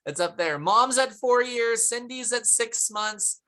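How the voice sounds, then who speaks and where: A woman with a slightly high, somewhat bright voice speaks a little slowly while hosting an upbeat live product presentation on a video call through a computer mic. She is chatty, laughs often, and greets viewers from the chat by name.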